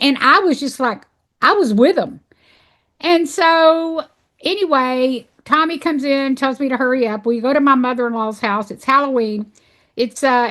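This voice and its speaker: Brief: woman guest, fairly high voice, heartfelt personal storytelling, loose and rambling. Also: fairly bright tone. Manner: earnest, heartfelt, many fillers and restarts. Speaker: podcast guest, animal sanctuary founder.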